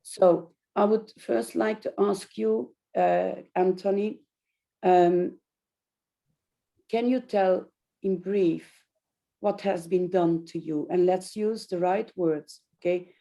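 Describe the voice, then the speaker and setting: A woman interviewing, asking gentle questions in a slow, measured way with fillers. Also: lowish voice, steady tone, gravelly. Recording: dull lo-fi sound.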